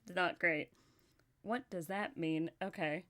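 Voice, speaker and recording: A woman hosting a casual livestream chat, talkative and quick to laugh, often talking to herself as she goes. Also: lowish voice, fairly bright tone. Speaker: livestream host.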